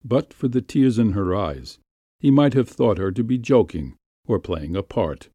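A man calmly narrating a classic story in a measured, unhurried way. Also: fairly low pitch, breathy edge, no room sound. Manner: calm, measured, unhurried reading.

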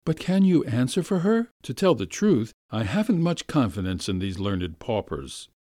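A man plays a wealthy middle-aged lady of the house, weary and self-pitying yet imperious. Her indignation comes out slow and wounded in a storybook reading, recorded close and dry. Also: medium pitch, sing-song, warm tone, no room sound, pitched above the performer's own voice. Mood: indignant.

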